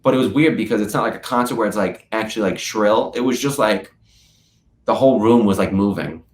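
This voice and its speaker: A man's voice: on the low side, brisk, slight background noise. A young man being interviewed as a guest drummer, telling stories animatedly and saying "like" often. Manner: animated storyteller, many "like" fillers. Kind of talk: casual interview chat. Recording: echoey room.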